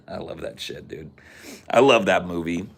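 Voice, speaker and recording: A man hosting a podcast in casual, sardonic chat, swearing freely and tossing off quick asides. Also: deep voice, vocal fry. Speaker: podcast host.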